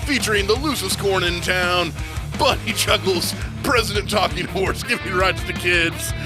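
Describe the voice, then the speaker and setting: Brief: a man as a shouting radio-ad promoter, high and booming, music bed behind. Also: lightly acted. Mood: hyped. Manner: booming, hyped, drawn-out delivery. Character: shouting male festival promoter in an ad.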